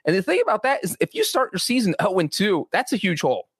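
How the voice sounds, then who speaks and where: A man's voice: sits high, wildly swooping pitch, fast, a bit bright, husky, no echo, clean studio sound. A man talking sports as a podcast regular, chatty and analytical with many fillers. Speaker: football writer and podcast regular. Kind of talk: casual podcast sports talk.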